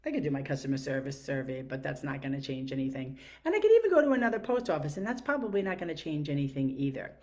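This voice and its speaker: A woman's voice: low-pitched, sing-song, fast, few pauses, darkish tone. A middle-aged woman with a New York accent, telling a reflective story with many fillers and self-questions. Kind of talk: reflective monologue.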